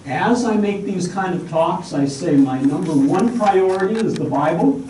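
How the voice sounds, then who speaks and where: A man's voice: high voice, expressive, normal speed, warm tone. A man giving a methodical outlined talk with slides at a church class, listing his points one by one. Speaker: guest presenter at a Sabbath school class. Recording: echoey room, far from mic, faint hiss.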